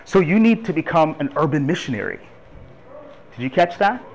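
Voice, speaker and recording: Brief: man in his 30s, a Toronto native, animated church speaker with a slightly raised voice. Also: on the high side, moderate pace, a little hiss or hum, low-quality recording. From Toronto, Canada. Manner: lively, chatty, laughs with the audience. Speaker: guest speaker on urban ministry. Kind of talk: church talk to a congregation.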